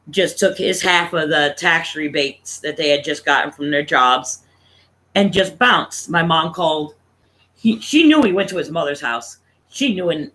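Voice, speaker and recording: A man in his thirties spins a loose, profane family story for his stream. His voice sits high and bright. He talks in a casual, rambling way. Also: poor audio. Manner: profane, laughing anecdote-teller.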